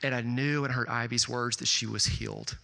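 A middle-aged man preaching a sermon, telling stories with lots of "like" and jumping up loud and high when he quotes people. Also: normal speed, creaky. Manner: animated storytelling, swings loud and high on quotes, filler "like". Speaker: pastor. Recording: long hall reverb.

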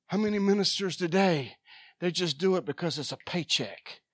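A woman preaching a sermon with fervor, swinging between loud shouts and quiet asides. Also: on the low side, expressive, moderate pace, no room sound.

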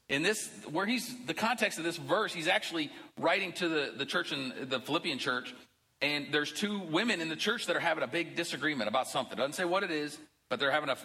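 A middle-aged man, a pastor, preaching a sermon in a church in a relaxed, conversational way, with jokes and asides. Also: a little high, in a large hall, rough recording. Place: church sanctuary.

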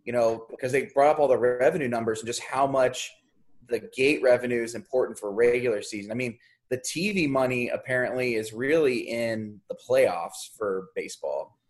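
A man's voice: medium pitch, moderate pace. A man co-hosting a casual sports talk show, explaining things thoughtfully with some hedging.

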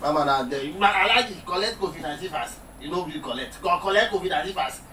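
A man's voice: on the high side, animated, fast talker, pushed and bright. A man with a Nigerian accent, acting in a comedy skit, lamenting and pleading emotionally. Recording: echoey room from a distance with background noise.

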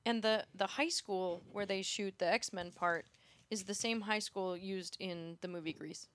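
A woman co-hosting a casual movie podcast, chatty and quick to laugh. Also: mid-range voice, fairly even intonation. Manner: chatty, laughs easily, trails off softly. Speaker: podcast co-host.

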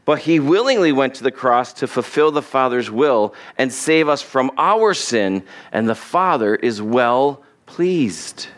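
A man's voice: medium pitch, expressive, unhurried, few pauses. A male pastor giving a conversational sermon, acting out the lines he quotes and chuckling as he goes.

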